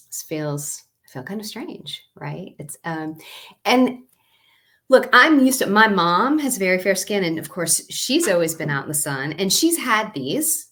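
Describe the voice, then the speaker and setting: Casting note: woman in her forties, low-pitched voice, chatty and rambling, telling a personal story straight to camera. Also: a bit bright. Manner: chatty, rambling with fillers and tag questions. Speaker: wellness vlogger.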